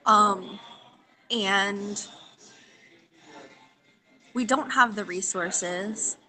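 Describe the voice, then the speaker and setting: Bright-voiced woman calling into a stream. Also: medium pitch, rough recording. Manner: measured, careful, with fillers and sighs. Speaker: caller on a livestream. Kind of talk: casual call-in discussion.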